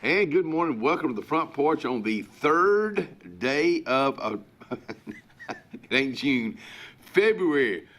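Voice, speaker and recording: A man's voice: a little high, sing-song, slow, fairly bright tone. A man with an Alabama Southern drawl hosting a morning talk show in a rambling, folksy way, with many fillers and restarts. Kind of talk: casual chat.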